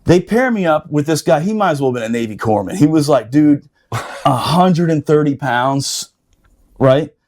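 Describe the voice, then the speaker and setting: A middle-aged man telling a boot camp story on a podcast, profane and animated, laughing as he talks. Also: on the high side, moderate pace. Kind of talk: casual storytelling chat.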